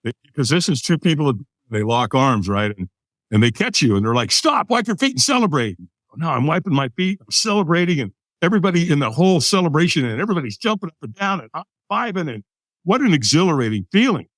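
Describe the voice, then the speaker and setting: A fast-talking American in his sixties, guesting on a podcast, shares a personal tale in a slightly high, expressive voice with no echo. He's a vivid storyteller who brings each quoted person to life by acting out their voice.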